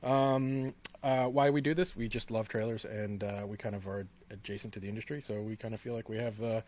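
A man's voice: on the low side, steady tone, fairly quick, darkish tone. A man hosting a casual trailer podcast, rambling with many fillers and restarts. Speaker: podcast host. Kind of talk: casual chat.

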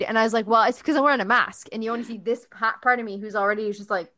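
A woman's voice: a little high, fairly even intonation, very fast, hardly any pauses, a bit bright, dry recording. Sex: woman. Role: podcast co-host and actor. Style: casual chat, talking freely, swearing casually and laughing between points, her voice recorded close and dry.

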